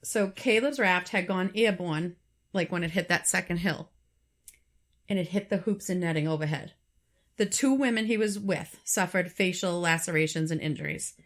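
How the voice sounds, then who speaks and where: A woman's voice: lowish voice, moderate pace. A woman co-hosting a podcast, casually telling a true story with frequent fillers and restarts. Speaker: podcast co-host.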